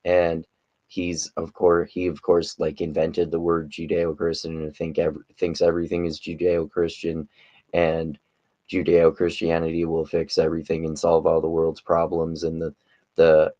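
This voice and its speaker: A man's voice: sits low, completely flat delivery, a little slow, mellow, dry recording, dull audio. A man giving casual, rambling commentary on a video clip, with many restarts and fillers. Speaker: commentary YouTuber.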